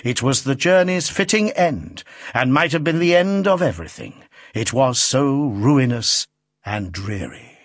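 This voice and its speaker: A man narrating a classic novel as an audiobook, reading in an expressive, theatrical manner. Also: mid-range voice, a little slow, dry recording, clean studio sound.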